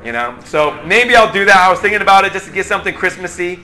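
A man's voice: sits high, lively intonation, quick pace, sharp tone. A man leading a casual Bible lesson, chatty and often checking in with the class. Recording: roomy echo, faint room noise.

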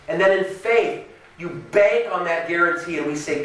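A man preaches in a relaxed, conversational way, slipping into the voices of the people he quotes. His voice is a touch higher than most men's and clearly bright. He is heard from some distance in a large, very reverberant hall. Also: moderate pace. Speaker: pastor. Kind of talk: sermon.

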